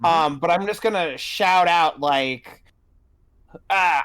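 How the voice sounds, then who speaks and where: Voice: mid-range voice, slow, pauses often, fairly bright tone. A player in a tabletop game, talking casually with frequent giggles.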